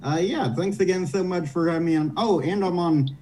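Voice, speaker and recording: Man with a dark, slightly high voice. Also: a little fast, rough recording. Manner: ranting, laughing. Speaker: guest comedian. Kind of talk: casual chat.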